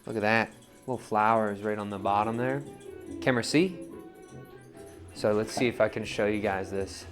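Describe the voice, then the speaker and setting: Man, casual pottery demo, chatty and relaxed, faint music behind. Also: on the low side, moderate pace. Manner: relaxed, chatty, lots of "like" and "right?". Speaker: pottery teacher.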